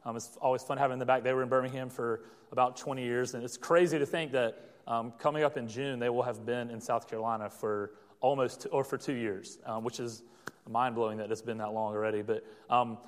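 A man's voice: medium pitch, steady tone, a little fast. Young male pastor, mid-range voice, storytelling sermon full of ums, echoing church hall. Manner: storytelling with many fillers and restarts.

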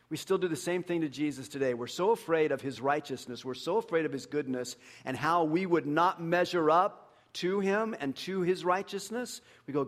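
A man's voice: on the high side, fairly quick, hardly any pauses. A man preaching a sermon in a conversational storytelling way, acting out the voices of the characters in his stories. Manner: animated, acts out voices, conversational.

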